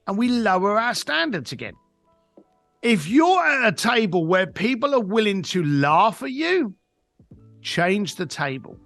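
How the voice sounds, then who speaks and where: A man who tells stories with emphasis, a podcast guest who acts out every quote. His voice is high for a man and swings widely in pitch, recorded dry and close. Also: big pitch swings, measured pace, fairly bright tone, no echo, faint music behind. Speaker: guest, coach and author. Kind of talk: podcast interview storytelling.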